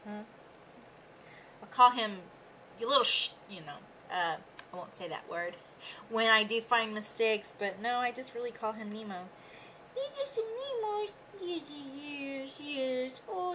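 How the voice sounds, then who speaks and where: A woman's voice: medium pitch, pushed and bright, a little hiss or hum, rough recording. A young woman chatting casually about her pets, reading out tag questions and slipping into baby talk with her dogs. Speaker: pet vlogger.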